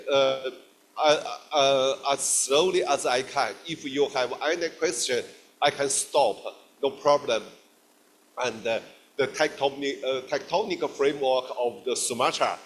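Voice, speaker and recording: A middle-aged man from China with a Chinese accent, giving a guest lecture in halting English full of fillers and restarts. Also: mid-range voice, fairly bright tone.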